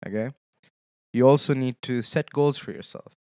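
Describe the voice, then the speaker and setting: A young man hosts his own solo podcast, talking casually, cracking lame jokes and often checking in with listeners by asking "okay?". His medium-pitched voice is smooth and darkish at normal speed, with studio-quality sound and no room tone.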